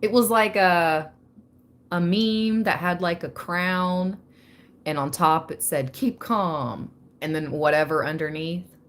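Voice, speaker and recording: A woman's voice: fairly low pitch, slow. A woman hosting a live spiritual reading, chatty and laughing often as she talks straight to her viewers. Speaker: tarot reader hosting a livestream.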